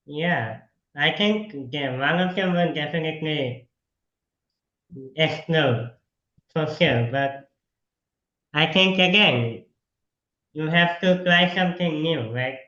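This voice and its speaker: Over a video call, a man hosts a casual interview, chatty and upbeat, laughing easily, speaking slowly with frequent pauses. His voice is a little high and bright, but the call audio sounds echoey and dull.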